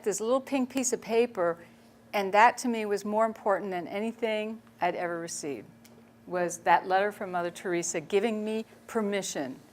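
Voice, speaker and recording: A woman photojournalist giving a public talk. She tells stories in a chatty, animated way and laughs often. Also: mid-range voice. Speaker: speaker, photojournalist.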